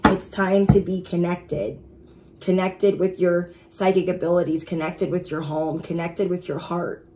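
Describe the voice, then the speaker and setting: Chatty, excitable woman tarot reader. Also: lowish voice, a little slow. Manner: chatty and excitable, speaks directly to viewers. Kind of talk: casual tarot reading to viewers.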